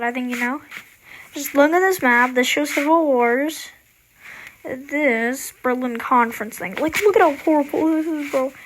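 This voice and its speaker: High-voiced woman, slow offhand explainer. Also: a bit bright. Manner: rambling, slangy, offhand. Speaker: video creator. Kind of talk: casual history explainer.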